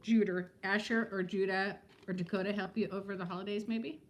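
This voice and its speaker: A woman in her fifties hosts a live stream from home as a vlogger, talking a little fast in a medium-pitched voice with fairly even intonation, with a little hiss or hum present. She chats casually, greets viewers by name, and laughs often.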